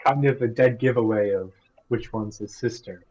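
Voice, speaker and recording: A man's voice: fairly low pitch, normal speed, darkish tone, dull audio. A man playing a tabletop role-playing game, joking in a dry, teasing way. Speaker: player.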